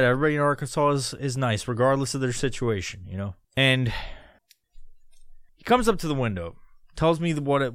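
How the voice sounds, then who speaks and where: A man's voice: medium pitch, a bit bright, dry recording, clean studio sound. A man hosting a podcast and telling a story as a profane comedy rant, swearing constantly and jumping into indignant outbursts. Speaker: podcast host.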